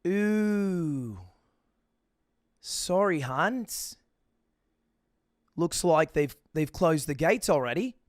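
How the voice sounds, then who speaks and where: A man's voice: fairly high pitch, lively intonation, very slow, pauses often, no room sound, clean studio sound. A man voicing a chirpy female airport desk clerk, sweet and apologetic. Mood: muttering. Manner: sweet, apologetic, calls people hun.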